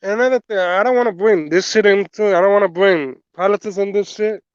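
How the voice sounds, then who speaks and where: A man on the panel talks in a high, smooth voice. He is blunt and drops casual swearing. His sound is a little dull, with no room echo. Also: brisk. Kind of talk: casual sports talk.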